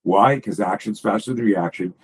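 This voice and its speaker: A man's voice: lowish voice, normal speed, breathy edge, rough recording. A man, a self-defense coach, talking as a guest in a casual podcast conversation, emphatic and profane, piling up stories and restarting sentences.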